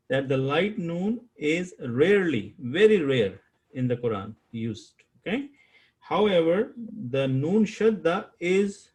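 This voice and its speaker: Patient teacher repeating each term. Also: male voice, a little high, a little mellow, rough recording. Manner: patient, repeats key terms and quizzes students. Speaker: Arabic grammar teacher. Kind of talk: live online class lecture.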